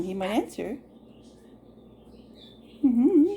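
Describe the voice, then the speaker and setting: A woman's voice: medium pitch, measured pace, warm tone, a little hiss or hum. A woman at home chatting with her pet birds in coaxing baby talk. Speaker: pet bird owner, channel host. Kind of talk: casual chat with pet birds. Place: at home, indoors.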